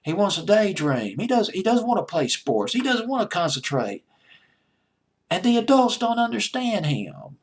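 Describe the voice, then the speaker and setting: A man's voice: high voice, sing-song, moderate pace. A man with a Southern American accent hosting a music countdown, rambling and chatty as he recalls old hit records. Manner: rambling, chatty, self-mocking. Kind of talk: casual music commentary.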